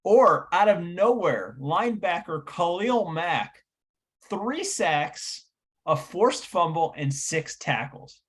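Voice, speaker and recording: A man co-hosts a sports podcast, with a voice that sits a little high. He reads questions and stats to his partner in an easygoing, agreeable way. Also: lively intonation, takes it slowly, fairly bright tone, breathy edge. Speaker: podcast co-host. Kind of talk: casual sports talk.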